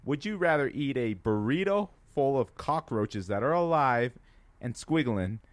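A man's voice: medium pitch, lively intonation, a little slow, dry recording. A man in a casual chat, tossing in short playful quips and gross hypotheticals.

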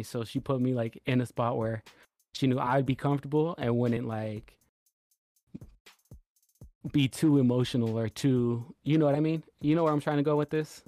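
A man co-hosting a podcast, telling a long story in a relaxed way and acting out what others said. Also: mid-range voice, moderate pace, faint music behind. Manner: laid-back storytelling, retelling quotes. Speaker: podcast co-host. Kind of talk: casual chat.

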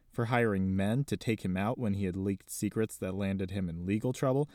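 A man narrating an audiobook in an even, steady reading. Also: on the low side, dry recording, clean studio sound.

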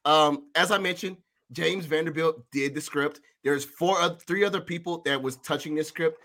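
A man co-hosting a casual movie review podcast, ranting loudly with profanity and frequent laughter. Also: on the high side, moderate pace. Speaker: podcast co-host.

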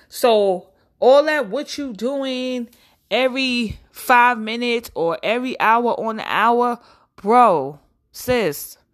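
A young woman ranting straight into her phone, blunt and profane. Her voice sits a little high and she keeps the energy up with plenty of swearing. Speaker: vlogger. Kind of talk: casual rant to camera.

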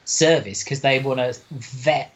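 A man's voice: medium pitch, unhurried. A man co-hosting a podcast, making dry joking asides and absurd riffs in casual chat. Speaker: podcast co-host.

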